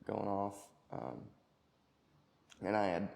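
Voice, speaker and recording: An employee shares a personal testimony in a gravelly, low-set, darkish voice with lively intonation. His delivery is plain and halting, full of ums and restarts.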